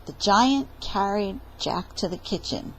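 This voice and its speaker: A woman reading a story aloud at storytime in a playful, expressive way. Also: mid-range voice, measured pace, slight background noise, low-quality recording. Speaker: library storyteller.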